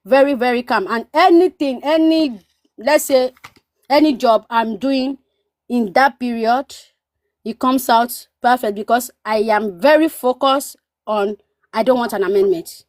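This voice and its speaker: This Nigerian woman, a live-stream guest, has a fairly high, slightly mellow voice and talks a little slowly in a dry recording. She tells stories animatedly in casual conversation, repeating phrases for emphasis.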